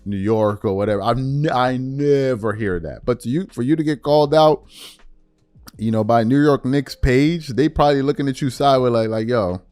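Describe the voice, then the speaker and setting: A man's voice: mid-range voice, a little fast, darkish tone, smooth, no echo. A man hosting a podcast, giving his opinion in casual talk that rambles with many fillers and repeats. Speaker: podcast host.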